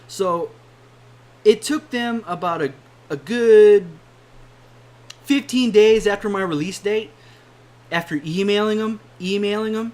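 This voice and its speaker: Young male YouTuber with a slightly high voice; heated, blunt, swear-heavy rant. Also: a little slow, pauses often, darkish tone. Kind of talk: angry rant to camera.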